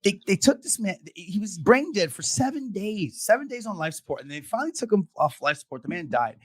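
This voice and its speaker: A man's voice: high voice, very animated. A man hosting an online discussion show, talking with feeling and stumbling over repeated restarts. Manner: impassioned, halting with repeated restarts. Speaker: podcast host. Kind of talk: emotional casual discussion. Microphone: video call.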